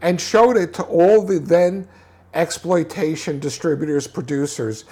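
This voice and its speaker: A man telling a film anecdote in an interview, animated, with many restarts and repeated words. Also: a little high, a little slow, husky. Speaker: filmmaker guest. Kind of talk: casual storytelling interview.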